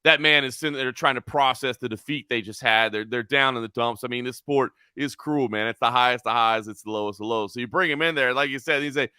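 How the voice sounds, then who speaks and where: Bright-voiced man talking fight sports. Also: medium pitch, a little fast, hardly any pauses, clear, resonant tone, no room sound, studio quality. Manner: animated, repeats words while thinking. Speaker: co-host, sports commentator. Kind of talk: casual sports talk.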